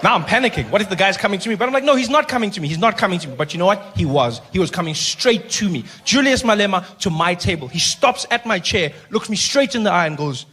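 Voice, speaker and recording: A man's voice: sits high, quick pace, few pauses. A man performing stand-up comedy, telling a story with animation and acting out his own inner thoughts. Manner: animated, acts out characters and inner monologue. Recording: live stand-up with audience noise.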